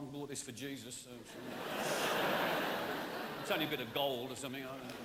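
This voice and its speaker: A male stand-up comedian with a fairly high voice, telling wry jokes in a chatty, conversational way. He speaks from a large theatre stage into a stage microphone. The sound carries a long hall reverb and loud noise. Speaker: comedian hosting a theatre show.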